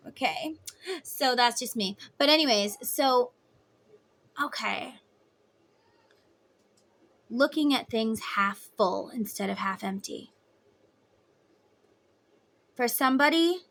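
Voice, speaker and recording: A woman in her thirties giving a casual tarot reading, chatty and motherly, guiding the listener through slow breathing. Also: a little high, fairly bright tone. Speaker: tarot reader.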